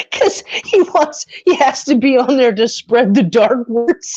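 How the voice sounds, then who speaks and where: A woman's voice: high-pitched, animated, slow, a little mellow, muffled recording. A woman co-hosting a casual movie review podcast, laughing often and swearing freely as she retells scenes. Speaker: podcast co-host.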